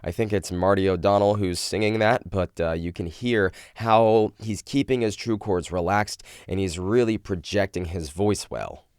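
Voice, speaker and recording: A man's voice: deep voice, normal speed, hardly any pauses, a little mellow, smooth, no room sound, studio quality. A young man teaching vocal technique, explaining and demonstrating exercises in an instructional video. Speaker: vocal coach.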